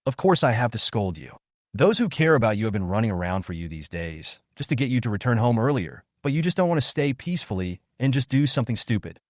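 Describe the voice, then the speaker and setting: A man's voice: medium pitch, big pitch swings, fast, dry recording, clean studio sound, lightly acted. A man voicing a stern young female military radio correspondent, speaking in an emphatic, scolding way.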